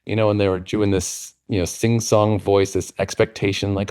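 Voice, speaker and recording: A man's voice: fairly low pitch, little pitch movement, moderate pace, few pauses, darkish tone, smooth. A man guesting on a podcast, telling a personal story in an earnest, reflective way. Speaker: guest author. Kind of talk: casual conversation, storytelling.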